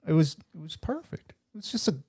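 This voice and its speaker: A man co-hosting a podcast, talking earnestly about a film with many ums and pauses. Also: fairly high pitch, big pitch swings, a little mellow, husky. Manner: hesitant, lots of ums, earnest. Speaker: podcast co-host. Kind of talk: casual movie chat.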